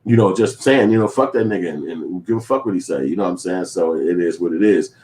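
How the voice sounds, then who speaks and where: A man's voice: sits low, fast talker, darkish tone. A man filmmaker in a casual commentary vlog, rambling and profane, acting out little quoted scenes. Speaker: filmmaker and vlogger.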